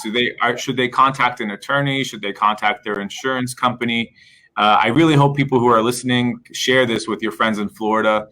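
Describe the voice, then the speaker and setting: A man's voice: on the low side, pushed and bright, low-quality recording. A man hosting an interview, asking long rambling questions with fillers. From Palestinian background. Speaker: host, interviewer. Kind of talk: casual interview talk.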